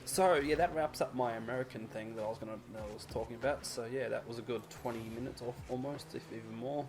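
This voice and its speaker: A man's voice: medium pitch, fast talker, background noise. A man with an Australian accent hosting a casual podcast chat, rambling and playful and laughing often. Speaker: podcast host.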